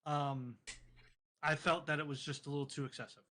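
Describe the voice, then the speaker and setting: A man's voice: on the high side, flat delivery, brisk, noisy background. A man speaking as a podcast guest in casual chat, laid-back and offhand with some swearing.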